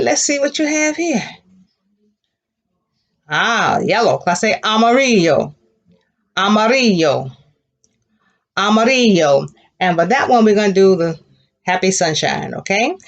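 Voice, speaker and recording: A woman teaching a children's class, slowly drilling words and praising answers. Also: medium pitch. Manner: encouraging praise. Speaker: Spanish teacher. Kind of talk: elementary language lesson.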